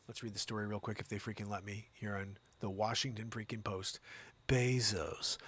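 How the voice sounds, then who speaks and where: A man's voice: mid-range voice, fairly quick, dry recording. A man hosting a comedy news livestream, ranting and sarcastic, with swearing asides.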